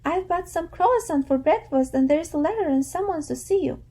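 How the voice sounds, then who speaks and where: A woman reading aloud, voicing an eager, excited young girl with bright exclamations. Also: very high-pitched, moderate pace, voice pushed up.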